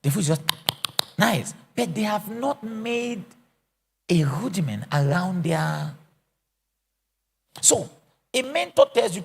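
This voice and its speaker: A middle-aged man preaches like a showman, voice swooping high and low. His tone is rough and gravelly with a husky edge. He acts out little scenes and jokes through his teaching. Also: very animated, slow pace, long pauses. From Africa. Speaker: apostle teaching a church session. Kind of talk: lively teaching sermon.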